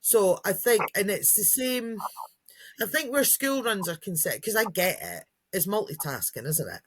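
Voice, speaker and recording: A woman's voice: medium pitch, animated, moderate pace, a little hiss or hum. A woman co-hosting a podcast as a dog trainer, chatting casually and acting out what dogs and kids might say. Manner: chatty, acts out dogs' and kids' voices. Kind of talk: casual chat.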